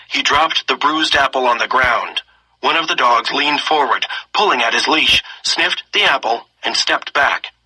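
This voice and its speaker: Bright, husky man reading a story. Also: mid-range voice, low-quality recording. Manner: expressive reading, slipping into character voices. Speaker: story reader. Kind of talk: reading a story aloud with lesson questions.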